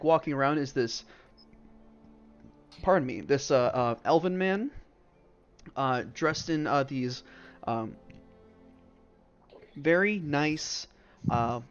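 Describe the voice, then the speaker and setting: A man narrating a tabletop game as game master, rambling and full of "like" and "um". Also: medium pitch. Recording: dull lo-fi stream audio with faint music.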